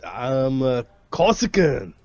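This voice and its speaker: A man voices a hulking, brash gladiator master in a tabletop game. The character is blunt and foul-mouthed, with a lively, swinging pitch. The sound is dry and a little dull. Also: slow, no echo. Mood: gruff. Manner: blunt and profane, boisterous. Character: large, brash, crude male gladiator master. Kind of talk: tabletop role-play.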